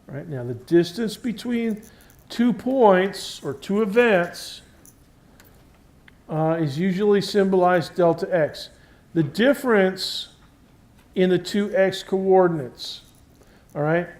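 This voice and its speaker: A man's voice: high-pitched, takes it slowly, a little mellow. A man giving a university physics lecture in a conversational classroom style, often checking in with the class and stressing key terms. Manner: stresses key words while explaining.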